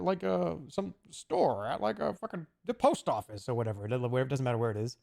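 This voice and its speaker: A man streaming, chatting casually and rambling, with profanity and quick asides. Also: medium pitch, big pitch swings, vocal fry, darkish tone. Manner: rambling, profane, slips into goofy put-on voices.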